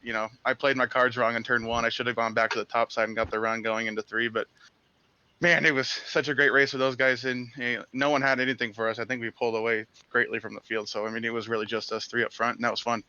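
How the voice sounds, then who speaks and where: A man's voice: medium pitch, flat delivery, fast, sharp tone, clean tone, dull audio. A man, a sim race driver being interviewed, eager and rambling, laughing easily. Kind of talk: casual interview.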